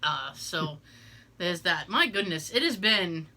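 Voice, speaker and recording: Bright-voiced chatty woman podcast host. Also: on the low side, lively intonation, takes it slowly. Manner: chatty and rambling, many fillers and restarts. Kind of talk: casual chat.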